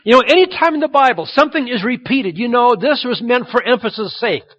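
Animated middle-aged male pastor preaching. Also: very high voice, brisk, long reverb tail. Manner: animated, acts out quoted voices. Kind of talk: sermon. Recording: dull lo-fi sound.

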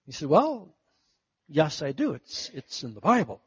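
A middle-aged man preaching a sermon, telling stories and acting out the voices of the people in them, swinging from loud to hushed. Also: on the high side, huge pitch swings, a little slow, husky, no echo, muffled recording. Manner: storytelling, acts out quoted voices, big swings from loud to hushed. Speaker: pastor.

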